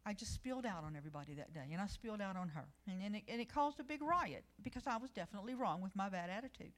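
A woman's voice: medium pitch, animated, rapid-fire. A woman giving a midweek church devotional, earnest and conversational, telling personal stories and reading scripture aloud. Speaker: church speaker.

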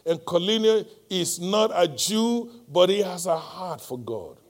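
A middle-aged man with a Nigerian accent preaching a sermon, moving between loud, emphatic appeals and quiet, close storytelling. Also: sits high, expressive, unhurried.

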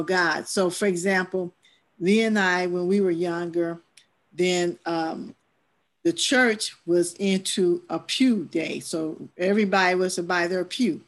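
Emphatic woman church stewardship leader. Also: fairly low pitch. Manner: emphatic, preaching earnestly. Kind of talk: church discussion class.

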